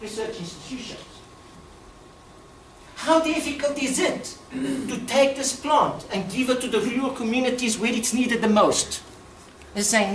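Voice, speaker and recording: A woman from Africa, giving a passionate public talk, emphatic and quick to laugh. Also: on the high side, a little hiss or hum. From South Africa. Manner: animated, emphatic, laughs often. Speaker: speaker at a talk. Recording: echoey room, distant mic, faint ambience.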